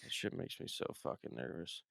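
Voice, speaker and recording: A young man co-hosting a casual podcast, talking in a relaxed, rambling way full of "like" and swearing. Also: fairly quick, dry recording, studio quality. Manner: laid-back, full of "like" and swearing. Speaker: podcast co-host. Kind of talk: casual chat. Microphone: remote podcast mic.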